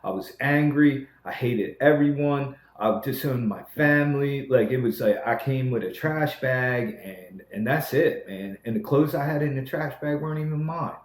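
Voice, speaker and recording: A man's voice: medium pitch, normal speed, hardly any pauses. Earnest storytelling man in an echoey room. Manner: earnest storyteller, peppers talk with "man" and "bro". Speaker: person in recovery helping others. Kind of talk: casual podcast chat.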